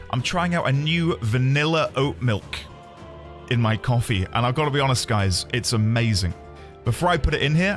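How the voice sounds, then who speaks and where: Man, 30s, game streamer, lively and up-and-down, chatty and self-deprecating, at a home desk mic. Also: medium pitch. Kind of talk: casual live-stream chat.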